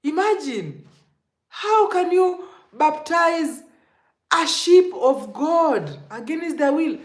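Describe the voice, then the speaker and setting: A young Kenyan woman with a Kenyan accent telling stories to camera in an animated way, laughing and dropping to hushed asides. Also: high voice, takes it slowly. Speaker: vlogger. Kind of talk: casual storytelling to camera. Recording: echoey room.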